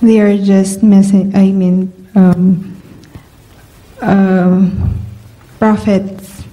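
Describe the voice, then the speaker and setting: A woman's voice: mid-range voice, flat delivery, extremely slow, warm tone, poor audio. A woman from the audience giving short, hesitant answers as she prepares to take her shahada.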